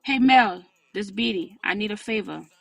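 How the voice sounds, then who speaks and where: A young woman talks urgently and insistently in street slang, as a woman reads her in an audiobook. The voice stays husky and close. The sound is dry. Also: mid-range voice, normal speed, a bit bright, no echo.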